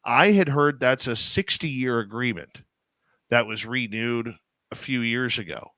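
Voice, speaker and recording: Sarcastic, bright-voiced radio host man. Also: mid-range voice, lively intonation, a little slow, no room sound. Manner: sarcastic, rambling, rhetorical questions. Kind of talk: casual talk radio banter.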